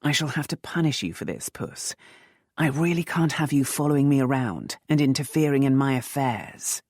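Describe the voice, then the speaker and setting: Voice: medium pitch, expressive, moderate pace, a little mellow, dry recording, clean studio sound. A narrator voicing a commanding, sardonic aristocratic rake who speaks in a lightly mocking drawl.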